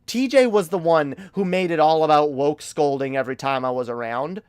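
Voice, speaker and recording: A man's voice: fairly high pitch, normal speed, a little mellow, smooth, no echo, studio quality. A man streaming a heated, casual commentary rant, emphatic and profane, often stumbling over repeated words.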